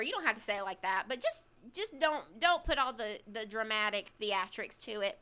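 A young woman with a lilt hosts her own podcast from a corner of her bedroom. Her voice sits a little high and sounds bright and lively. She talks in an emphatic, chatty way and drops self-deprecating asides. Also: moderate pace, few pauses, clean tone. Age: young adult. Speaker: podcast host. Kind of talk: casual advice monologue.

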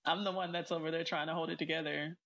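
A woman's voice: low-pitched, steady tone, quick pace, a bit bright, dull audio, slight background noise. A woman hosting a podcast, encouraging her guest and laughing often in casual chat. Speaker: podcast host. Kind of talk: casual conversational interview.

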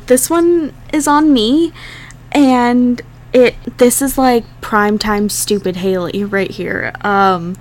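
Young woman, podcast co-host, casual and profane, quick to laugh; slightly high voice. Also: steady tone. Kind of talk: casual chat.

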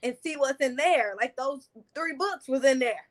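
A woman's voice: high voice, normal speed. A woman who is a guest on a podcast, speaking in an earnest, reflective way in a casual conversation.

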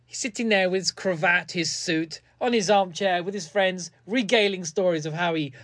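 A man's voice: high-pitched, normal speed, a bit bright, dry recording, clean studio sound. A man giving a sarcastic, mocking comedic commentary.

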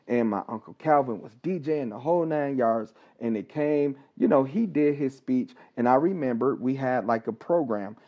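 On a podcast, a licensed counselor with a mid-range voice tells a personal story haltingly, pausing, restarting and repeating words. The recording sounds dull and slightly lo-fi.

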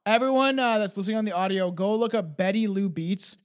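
A man's voice: sits high, a little fast. A man co-hosting a casual true-crime podcast, crude and laughing a lot, not from the United States. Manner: crude, swearing, laughing often. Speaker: podcast co-host.

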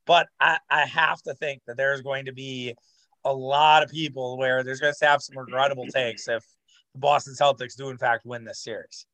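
A man with an ordinary mid-range voice, neither high nor low, co-hosting a podcast. He talks in loose, rambling casual chat, full of fillers and cheerful swearing. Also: steady tone, moderate pace, sharp tone, rough recording. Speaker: podcast co-host.

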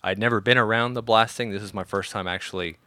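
A man recounting a wild story in a loose, cursing, animated style. His tone is bright and punchy. The sound is dry and close, with no room around it. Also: lowish voice, quick pace, no room sound. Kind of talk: casual storytelling.

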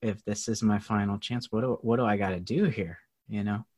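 A man telling a personal story as a guest in a casual interview, animated, often laughing and acting out what others said. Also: fairly low pitch, a little fast. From United States.

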